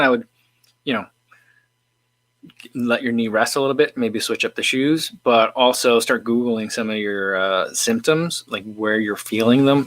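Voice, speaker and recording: A man's voice: mid-range voice, bright, forceful tone. A man hosting a casual livestream, rambling with lots of fillers and restarts while he eats and answers viewer questions. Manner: eating while talking. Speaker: livestream host.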